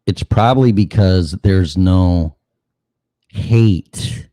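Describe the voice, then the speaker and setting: A man's voice: low-pitched, extremely slow, dark tone, no room sound. A man hosting a show, delivering a sarcastic, profane ranting monologue full of mocking asides. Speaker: show host.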